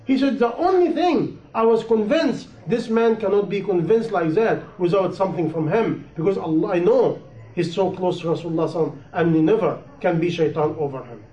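High-voiced man preaching in an echoey room. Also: a little fast, dark tone. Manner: impassioned, repetitive, rising and falling emphasis. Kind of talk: sermon. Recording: echoey room, dull lo-fi sound.

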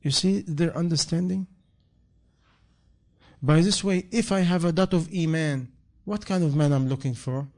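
Man, preacher, slightly high voice, repeating phrases with rising emphasis. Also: moderate pace, long pauses, darkish tone. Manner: non-native English, impassioned repetition, rising emphasis. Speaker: imam. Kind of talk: sermon answering a question.

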